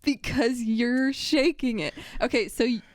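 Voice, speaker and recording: A woman co-hosting a podcast, chatting casually with her partner and telling animated stories with a lot of laughter. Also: fairly high pitch, a little slow, dry recording, clean studio sound. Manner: animated storytelling with frequent laughter. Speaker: podcast co-host. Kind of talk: casual couple chat.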